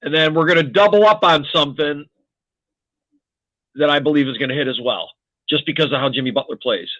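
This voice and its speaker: A man co-hosting a casual sports show, talking bets in an excitable, emphatic way and swearing now and then. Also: a little high, a little fast, dry recording, muffled recording. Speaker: co-host. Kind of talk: casual sports betting chat.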